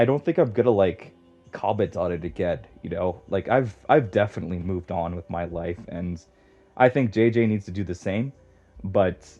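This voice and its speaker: A man's voice: fairly low pitch, warm tone. A young man rambling casually as a podcast guest, swearing often and filling his talk with "like.". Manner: rambling, swears a lot, heavy use of "like". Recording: dull lo-fi audio.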